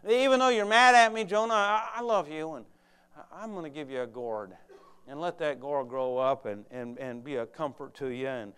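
A soft, hushed God who speaks with halting tenderness, as a loving father would , as a preacher puts him on. The voice sits low and quiet beneath the sermon, yet it stays clear and smooth. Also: lightly acted. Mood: tender. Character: gentle loving God speaking softly to Jonah.

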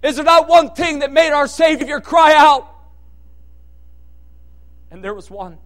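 A man preaches with impassioned, expressive delivery in a very high-pitched voice, unhurried. He drops to hushed tones before climbing to shouted peaks.

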